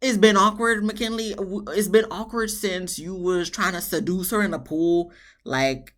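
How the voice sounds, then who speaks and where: A woman talks straight to her viewers in a loose, chatty vlog review. Her delivery is emphatic and a bit dramatic, full of asides and repeated punch lines, at an ordinary mid pitch for a woman. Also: fairly even intonation, measured pace, fairly bright tone. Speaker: TV show reviewer.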